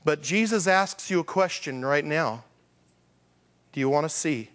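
A man's voice: fairly high pitch, a little slow, fairly bright tone. A male pastor preaching a conversational sermon, asking rhetorical questions and acting out the voices of the people he quotes.

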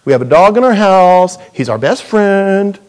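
A middle-aged man preaching a sermon as pastor, animated and jokey, with sudden loud high bursts. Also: moderate pace.

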